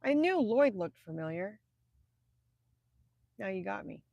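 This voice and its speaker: Gravelly-voiced woman chatting to a live stream. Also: medium pitch, sing-song, unhurried, dry recording, highs cut off. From Indiana, US. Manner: chatty and rambling, stops to greet chatters by name. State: tired. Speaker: livestream host. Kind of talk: casual live-stream chat, greeting viewers. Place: inside a car at night.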